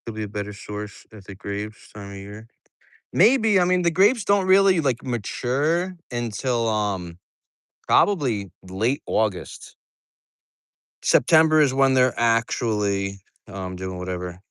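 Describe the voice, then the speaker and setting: A farmer man rambles and jokes to his livestream chat outdoors, swearing freely. His pitch swings widely as he talks. The sound is dry and close. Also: sing-song, unhurried, fairly bright tone, smooth, no room sound. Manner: profane, joking and rambling. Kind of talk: casual livestream chat while doing farm chores. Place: outdoors on a farm.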